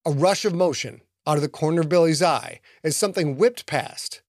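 A man narrating an action audiobook in an expressive storytelling manner. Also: on the high side, moderate pace, few pauses, dry recording, clean studio sound.

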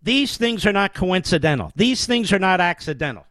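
Talk show host guy ranting about politics, kinda high voice, super emphatic, keeps repeating himself, dry sound no echo. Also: sing-song, normal speed, fairly bright tone. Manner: emphatic, declamatory, heavy rhetorical repetition. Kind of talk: political commentary monologue.

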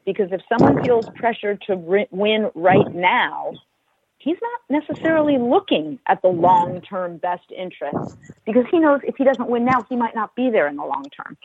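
A middle-aged woman, a former football team executive, speaking as a podcast guest in a measured, emphatic way with precise wording. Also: on the high side, very animated, husky. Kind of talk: podcast conversation. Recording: tinny phone-like line.

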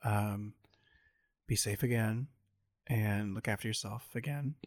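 A man's voice: fairly low pitch, a little slow, no echo, studio quality. A man co-hosting a casual chat, teasing and joking with repeated lines. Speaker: podcast co-host.

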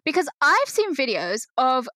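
A woman's voice: sits high, sing-song, measured pace, fairly bright tone, no room sound. A young British woman with a British accent, chatting casually as a podcast guest and laughing often. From United Kingdom. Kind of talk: casual chat.

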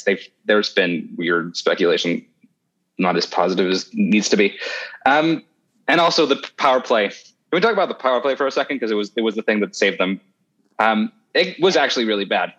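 Man, podcast co-host, lowish voice, hesitant ums, dull lo-fi recording. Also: fairly bright tone. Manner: hesitant, many ums and restarts. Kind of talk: casual chat. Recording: slightly dull lo-fi audio.

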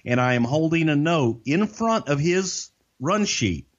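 Brief: male podcast guest, animated profane storyteller, lively pitch, muffled audio. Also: a little slow. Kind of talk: casual anecdotal storytelling.

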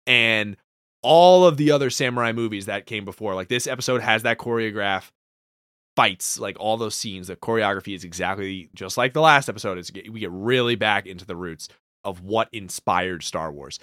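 A man co-hosting a podcast, swearing freely and retelling scenes in an excited, casual recap. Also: fairly low pitch, normal speed, no room sound, clean studio sound. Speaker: podcast co-host.

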